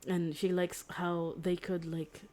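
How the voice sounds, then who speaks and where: A young woman chats on her stream from a home setup, her voice sitting a little low for a woman. She rambles through a story, tripping over her words and giggling often. The sound is close and plain, like a desk microphone. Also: takes it slowly. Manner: rambling, full of "like" and restarts; giggly, excitable. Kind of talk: casual chat retelling a story.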